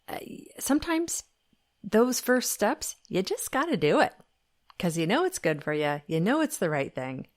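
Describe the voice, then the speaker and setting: A woman's voice: medium pitch, very animated, unhurried. A woman hosting her own fitness podcast, telling a story in an upbeat, chatty way with frequent fillers. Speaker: podcast host. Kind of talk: casual solo podcast talk.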